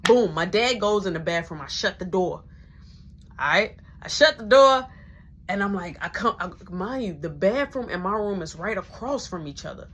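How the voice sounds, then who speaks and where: A woman's voice: on the low side, lively intonation, normal speed, a little hiss or hum. A young adult woman telling a profane, slangy personal story in a casual monologue, dropping into whispers when she quotes people.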